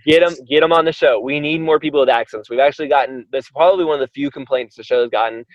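A man talks quickly and eagerly as a podcast guest, stringing stories together. His voice is dry, with a dull, lo-fi sound. The pitch sits in the middle. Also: dry recording. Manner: enthusiastic, chatty storyteller. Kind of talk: casual podcast chat.

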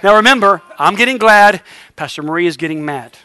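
High-pitched preacher guy, bright sharp voice, tells a story then gets loud and fired up. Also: a little fast, clean tone. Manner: animated, builds to shouted exhortation. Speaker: revival preacher. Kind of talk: sermon storytelling.

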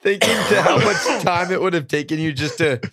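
A man's voice: high voice, brisk, fairly bright tone, a little hiss or hum. A man co-hosting a casual sports podcast, laughing and joking along. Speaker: podcast co-host.

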